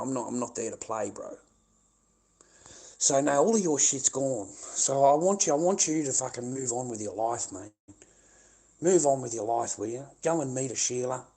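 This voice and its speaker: A man's voice: medium pitch, vocal fry, mellow, husky. An Australian man livestreaming a confrontational rant, swearing often and repeating himself as he talks to the camera. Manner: confrontational, profane, repetitive.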